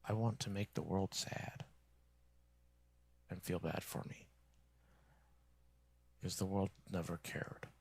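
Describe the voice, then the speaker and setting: Bitter, gravelly low-voiced man. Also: fairly even intonation, slow, pauses often, darkish tone. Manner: bitter, complaining, often drops to a whisper. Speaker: streamer. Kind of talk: rambling monologue to viewers.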